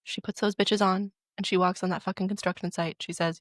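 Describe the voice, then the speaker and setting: A young woman co-hosting a podcast, telling stories in an animated, casual way and swearing freely. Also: mid-range voice, fairly quick, no room sound, studio quality. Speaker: podcast co-host. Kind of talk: casual chat.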